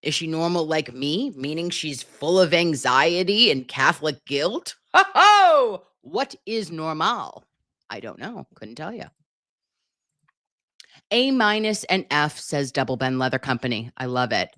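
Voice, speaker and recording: A woman hosting a casual live stream, reading chat comments aloud in an animated, chatty way and swearing freely. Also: sits low, measured pace, no room sound, clean studio sound.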